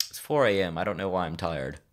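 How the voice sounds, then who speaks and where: A man talking slowly and pausing to think in a casual, unscripted vlog, recorded on a phone in his bedroom with a sore mouth. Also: low voice, lively intonation. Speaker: vlogger.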